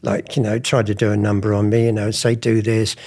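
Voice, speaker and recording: An older man, an art forger, is an interview guest telling rambling stories casually. He speaks briskly in a lowish voice, delivering animated anecdotes and acting out the quotes.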